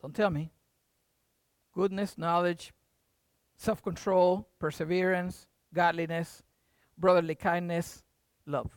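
An older preacher giving a lively sermon, shifting between hushed asides and loud bursts. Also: medium pitch, takes it slowly, pauses often, clean tone, no echo, studio quality. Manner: animated, jumps from hushed to loud.

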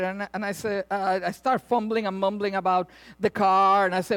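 A middle-aged pastor with a high, clean voice talks fairly quickly with hardly any pauses. Preaching a sermon, he tells a funny personal story, acting out the voices of the people in it and laughing often, before turning to his message. He's in a church or venue with an audience, and it's also being filmed.

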